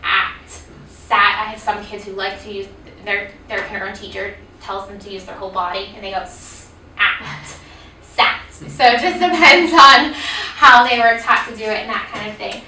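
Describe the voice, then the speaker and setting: A woman's voice: mid-range voice, normal speed, bright, forceful tone, distant mic, a little hiss or hum. A woman presenting a teacher training workshop on reading, explaining patiently with frequent ums. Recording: echoey room, voice off-mic.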